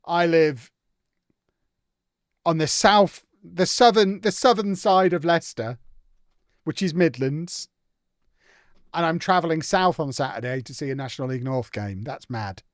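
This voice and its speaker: A man's voice: on the high side, unhurried, long pauses, no echo, clean studio sound. A young man hosting a casual live gaming stream, reading out chat and answering it with playful, teasing banter.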